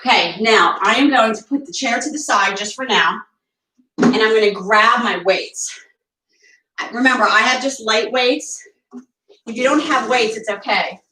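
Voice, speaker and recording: A woman's voice: on the high side, a little slow, pushed and bright, echoey room, far from the mic, a little hiss or hum, rough recording. A woman teaching a barre workout at home, counting reps and cheering her class on, a little out of breath. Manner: encouraging, counting reps, chatty asides. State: slightly out of breath. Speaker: fitness instructor. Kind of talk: guided workout instruction. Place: room at home.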